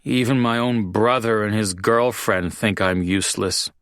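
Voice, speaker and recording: A man's voice: fairly low pitch, a little slow, a bit bright, clean tone, no room sound, studio quality, voice pushed up. A man doing a drunk, mumbling bad-boy bartender. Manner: slurred, mumbling. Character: drunk, self-pitying young male bartender. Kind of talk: audiobook character voice.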